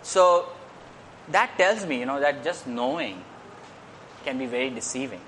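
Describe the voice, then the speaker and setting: A man's voice: medium pitch, animated, unhurried, a bit bright, a little hiss or hum. A man preaching a sermon in an earnest way. He repeats phrases and lifts his voice on key points.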